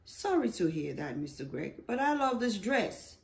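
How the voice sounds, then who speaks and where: A woman voicing a cheerful female neighbor who sounds bright and thankful, her pitch lifting higher. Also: sing-song, normal speed, vocal fry.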